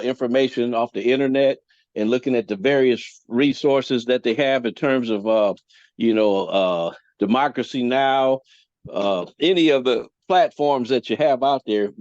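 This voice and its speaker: A man's voice: medium pitch, a little mellow, dry recording. A man speaking as a panel guest, lecturing and listing examples one after another. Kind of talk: casual panel discussion. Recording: dull dry audio.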